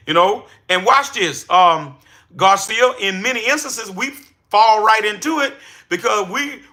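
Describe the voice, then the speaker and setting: A man hosting a live-stream business coaching session, talking energetically to chat viewers and bursting into excited shouts. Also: high-pitched. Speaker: livestream host and business coach.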